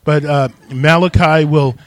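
A man's voice: a little high, steady tone, unhurried. A man preaching a sermon as pastor, emphatic and calling on the congregation to respond.

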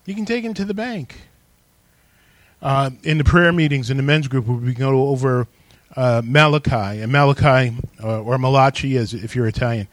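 A man's voice: mid-range voice, no room sound. A man preaching a sermon as pastor, emphatic and calling on the congregation to respond.

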